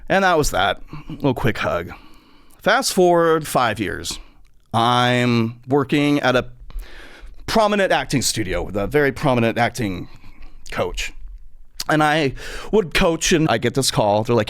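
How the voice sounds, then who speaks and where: A middle-aged man telling comic stories on his podcast, talking in an animated, profane way and slipping into other people's voices as he goes. His voice sits at an ordinary middle pitch and sounds close and dry, with no room echo. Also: unhurried, pauses often. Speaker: podcast host. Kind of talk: comic storytelling.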